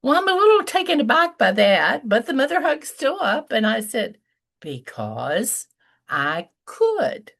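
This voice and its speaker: An older woman telling a personal story slowly and deliberately, pausing for effect and going high and loud when she quotes what was said. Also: big pitch swings, vocal fry. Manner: slow and deliberate with dramatic pauses; rises high and loud when quoting dialogue. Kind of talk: storytelling talk.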